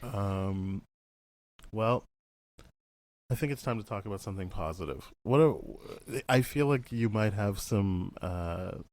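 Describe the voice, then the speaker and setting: A man hosting a podcast in casual chat, laid-back with many drawn-out "um"s. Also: fairly low pitch, darkish tone. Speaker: podcast host.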